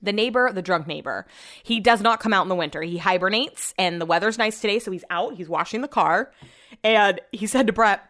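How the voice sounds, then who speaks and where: A young woman casually telling stories to her viewers at home, animated and sprinkled with swearing and "like". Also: lowish voice, fast. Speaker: vlogger. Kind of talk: casual chatty storytelling.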